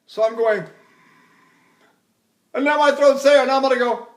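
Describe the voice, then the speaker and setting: Older man teaching voice, high speaking pitch. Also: steady tone, normal speed. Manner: rambling, conversational, breaks into operatic singing. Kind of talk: recorded vocal lecture with sung demonstrations.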